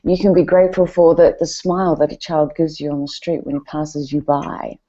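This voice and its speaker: Mellow-voiced New woman telling stories. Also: low-pitched, a little fast. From New Zealand. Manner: animated, expressive, chatty with fillers. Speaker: event speaker. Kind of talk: personal storytelling talk. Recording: dull lo-fi recording.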